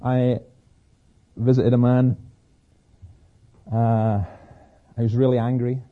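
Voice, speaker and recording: A man's voice: medium pitch, flat delivery, slow pace, phone-quality sound. A man giving a Christian talk, telling personal stories with frequent restarts and repeated words. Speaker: Christian speaker.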